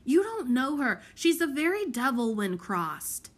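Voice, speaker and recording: A woman voicing a timid, nervous orphan boy with rough, anxious speech. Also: high-pitched, very animated, unhurried, voice pushed up, full character voice.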